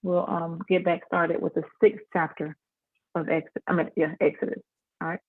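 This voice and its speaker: A woman leads an informal Bible class over a video call. She talks easily and plainly, in a folksy, unhurried way. Her voice comes through a narrow, phone-like line. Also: on the low side, husky. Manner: folksy and conversational, with a relaxed dialect.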